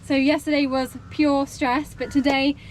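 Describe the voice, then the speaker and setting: A woman's voice: sits high, flat delivery, a little slow, a little hiss or hum. A woman talking casually to the camera on a travel vlog, chatty and bubbly. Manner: chatty and bubbly, often laughing. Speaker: travel vlogger. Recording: music loud in the background.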